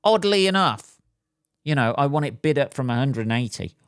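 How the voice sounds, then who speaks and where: A man, a podcast host and stand-up comedian, ranting casually and swearing, swinging between loud outbursts and mutters. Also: mid-range voice, expressive, moderate pace, clear, resonant tone, no room sound, studio quality. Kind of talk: casual solo podcast rant.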